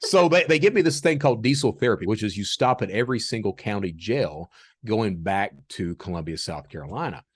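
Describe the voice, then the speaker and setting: Chuckling, animated male storyteller. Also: on the low side, brisk, husky, dry recording. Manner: chuckling, animated, acts out dialogue. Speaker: podcast guest. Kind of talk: casual storytelling.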